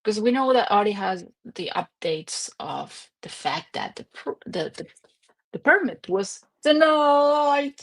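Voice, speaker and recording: A woman's voice: medium pitch, animated, measured pace, vocal fry, breathy edge. Chatty woman streaming from home. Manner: chatty, rambling, laughs often. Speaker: livestream host. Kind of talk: casual livestream chat.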